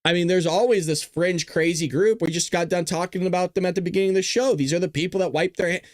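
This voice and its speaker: A man's voice: high-pitched, steady tone, fast talker, dry recording, clean studio sound. A middle-aged man hosting a political talk show, talking casually with sarcastic, jokey asides.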